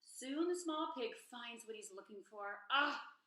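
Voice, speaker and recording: A teacher reading a children's picture book aloud to her students, gentle and asking them questions. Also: on the high side, lively intonation, unhurried. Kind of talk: children's storybook read-aloud. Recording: echoey room.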